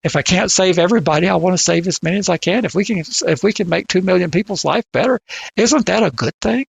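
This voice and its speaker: A man's voice: high-pitched, expressive, quick pace, vocal fry, slightly rough, no room sound. An older man co-hosting a casual podcast discussion, often repeating words as he starts his sentences. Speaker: podcast co-host.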